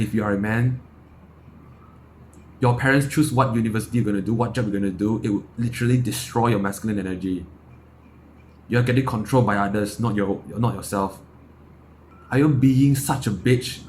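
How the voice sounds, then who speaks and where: A young man from Malaysia gives a heated motivational rant, blunt and profane, stacking rhetorical questions and restarting words as he pushes his point. His voice sits on the low side. A faint noise floor hums under the recording. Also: a little mellow. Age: young adult. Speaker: self-improvement YouTuber. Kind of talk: impassioned motivational monologue to camera.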